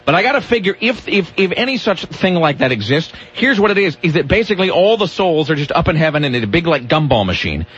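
A male radio host in casual comic banter, his pitch swinging widely as he rambles and restarts. The voice is husky and fairly high. It comes through as a dull, lo-fi radio broadcast. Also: very animated, fast talker, few pauses, a bit bright. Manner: rambling, sardonic, with many restarts. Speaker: radio talk show host.

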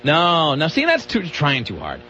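Animated, joking male radio host. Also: a little high, unhurried, lo-fi sound, slight background noise. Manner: joking, rambling, laughs often. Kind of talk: casual radio banter.

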